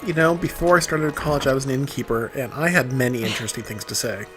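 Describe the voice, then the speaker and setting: A young adult commenting alongside a game playthrough, telling rambling stories in a relaxed way. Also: mid-range voice, quick pace, over music. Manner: laid-back, tells rambling anecdotes. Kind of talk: casual gameplay chat.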